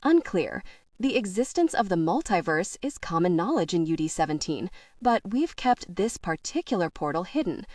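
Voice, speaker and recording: A woman voicing a deep-voiced, fretful middle-aged mother with a British accent touched by a South Asian lilt, brisk and scolding. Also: very animated, darkish tone, no room sound, recorded from a distance. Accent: British with a hint of South Asian. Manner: exasperated, scolding.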